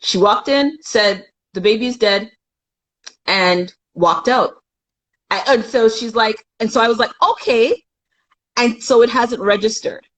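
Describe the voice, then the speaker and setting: A woman's voice: a little high, unhurried, rough recording. A young adult woman from Canada, a guest in a live chat, telling a painful personal story candidly and acting out the voices of the people in it.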